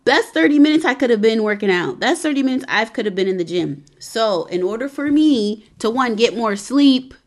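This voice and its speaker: A woman's voice: a little high, expressive, normal speed, hardly any pauses. A woman hosting a casual motivational vlog and podcast, chatty and encouraging, laughing often as she shares tips with viewers. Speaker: wellness vlogger and podcast host.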